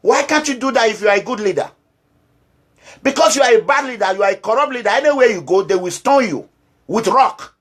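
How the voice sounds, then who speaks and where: A man's voice: extremely high pitch, lively intonation, a little fast, fairly bright tone. A man with a Nigerian accent, an activist leader delivering an impassioned political address, scolding and pleading and repeating his phrases. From Nigeria, Edo State.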